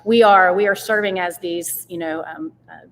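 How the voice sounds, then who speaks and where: A woman's voice: lowish voice, normal speed, fairly bright tone. An earnest, articulate woman in her forties speaks as a guest on a live show, with a few fillers. Her voice has a long reverb tail. A faint noise sits behind her. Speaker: guest, curriculum director. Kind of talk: interview conversation.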